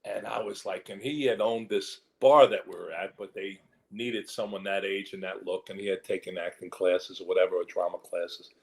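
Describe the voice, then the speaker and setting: A man's voice: deep voice, steady tone, normal speed, creaky, few pauses, rough recording. An older man with a New York accent, a guest actor telling rambling stories in a casual interview and acting out the voices he quotes.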